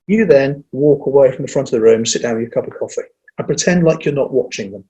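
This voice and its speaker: A man who trains people in presenting, talking in a lively conversational way and acting out what an audience says. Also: mid-range voice, highs cut off. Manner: energetic, acts out audience lines, speeds up and slows down on purpose. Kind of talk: casual conversational interview.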